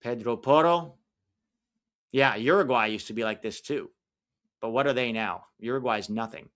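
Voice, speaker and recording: A man's voice: medium pitch, normal speed, a bit bright. A man hosting a live watch-along stream, giving casual, opinionated commentary and reacting to the play as it happens. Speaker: livestream watch-along host.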